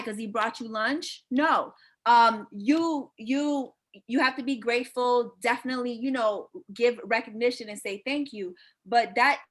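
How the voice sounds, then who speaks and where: Animated woman coaching on relationships. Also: fairly high pitch. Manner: animated, acting out quoted dialogue. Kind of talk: casual panel talk.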